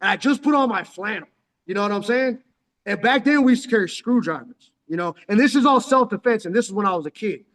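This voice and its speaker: A man in his forties from San Diego rattles off a story at a fast clip in loose, profane slang, calling the listener "dog" again and again. His voice sits fairly high for a man. The recording has a long, echoing reverb. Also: animated, a bit bright. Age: 40s. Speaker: vlogger. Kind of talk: casual storytelling. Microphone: headphones on.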